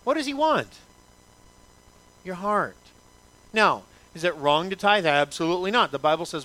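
A man's voice: high voice, very animated, moderate pace, pauses often, sharp tone. A male pastor preaching a sermon in an emphatic, repetitive way, asking the congregation many rhetorical questions.

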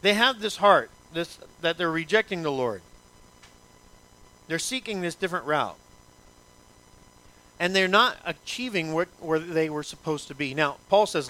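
Male pastor preaching, kinda high voice, keeps firing questions at the crowd. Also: expressive, a little slow, long pauses, sharp tone. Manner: emphatic, repetitive, asks the congregation many rhetorical questions. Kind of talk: sermon.

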